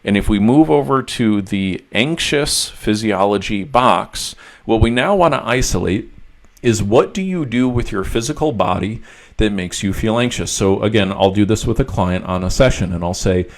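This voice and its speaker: A man with a fairly low voice explains an anxiety-coaching method. He lays it out step by step in a teaching monologue, plainly and methodically. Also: expressive, normal speed. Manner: explanatory, walking through steps. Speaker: mental health coach. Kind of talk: instructional monologue.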